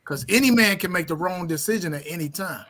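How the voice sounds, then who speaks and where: A man's voice: sits high, fast, bright, forceful tone. A man in his fifties, a pastor, talking earnestly and emphatically in a casual interview.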